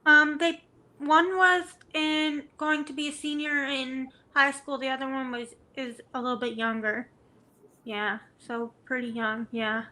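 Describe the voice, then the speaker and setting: A woman's voice: high voice, flat delivery, unhurried, bright, forceful tone. A woman who is a client at a reading, answering in a hesitant way and often opening with um. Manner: hesitant, starts with um. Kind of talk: casual conversation.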